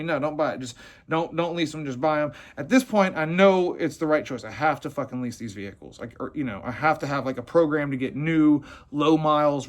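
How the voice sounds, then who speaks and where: Guy with a high voice, cussing a lot, blunt rambly business talk. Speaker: plumbing business owner. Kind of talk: casual motivational talk.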